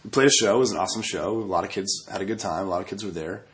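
A man's voice: deep voice, racing. A man casually telling a profane, rambling story about a fight on tour. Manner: profane, laid-back, rambling.

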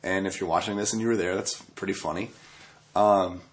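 A man with a fairly low voice tells a story in a casual, rambling way. He swears freely and keeps a loose, offhand tone. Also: steady tone, brisk. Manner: profane, laid-back, rambling. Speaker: band member telling a tour story.

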